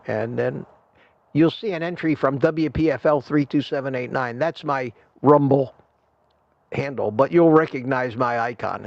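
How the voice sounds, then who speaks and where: A man's voice: medium pitch, gravelly, darkish tone, no echo, lo-fi sound. An older man hosting a casual livestream, reading the chat aloud and thanking viewers in a rambling, friendly way. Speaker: livestream host. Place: home desk at a computer.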